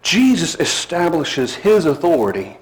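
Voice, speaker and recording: Emphatic male preacher, slightly high voice. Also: sing-song, poor audio. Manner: emphatic, slows down on key words and drops low at phrase ends. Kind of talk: sermon.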